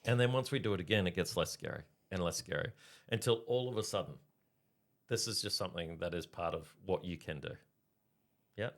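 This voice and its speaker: A man's voice: low voice, brisk. A middle-aged man, co-hosting a podcast and telling stories in casual chat. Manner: storytelling, animated, checks in with listeners. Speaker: podcast co-host.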